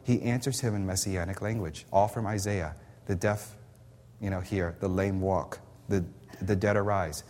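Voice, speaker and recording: A man's voice: deep voice, fairly even intonation, moderate pace, darkish tone. Impassioned male pastor in an echoey hall. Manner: impassioned, emphatic, repeats words as he builds. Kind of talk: sermon. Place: church sanctuary.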